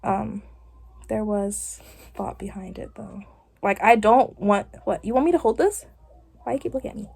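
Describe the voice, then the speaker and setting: A woman's voice: mid-range voice, moderate pace, gravelly, dark tone, breathy edge. A young woman vlogging casually while getting her hair done, talking in a rambling way with lots of fillers. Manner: rambling, chatty, with frequent fillers. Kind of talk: casual chat.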